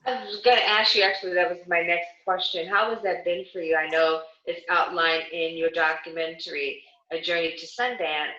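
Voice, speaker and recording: Woman host, bright voice, echoey room. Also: lowish voice, steady tone, lo-fi sound. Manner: measured, thorough questioning. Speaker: talk show host. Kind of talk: interview questions.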